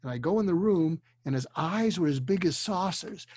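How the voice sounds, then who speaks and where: An older man, a psychiatrist, telling a story earnestly and deliberately, dropping to a hush for emotional moments. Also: a little high, animated, breathy edge, no echo. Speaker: guest, psychiatrist. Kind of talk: storytelling in a conversation. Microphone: video call.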